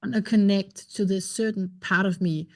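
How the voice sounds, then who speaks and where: A woman's voice: mid-range voice, steady tone, moderate pace, darkish tone. A woman hosting a podcast interview, asking curious, probing questions. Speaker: podcast host.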